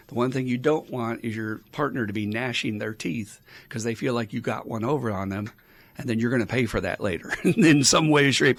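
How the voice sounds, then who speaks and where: Male addiction counselor, casual advice podcast; blunt and profane, mid pitch, gravelly.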